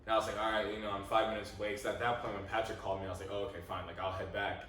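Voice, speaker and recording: A young man co-hosting a podcast, telling a story in a lively, laughing way, swearing freely and acting out his own lines. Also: lowish voice, racing, slight background noise. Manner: animated, laughing, swears freely, quotes himself. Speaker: podcast co-host. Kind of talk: casual storytelling chat. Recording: echoey room, mic at a distance.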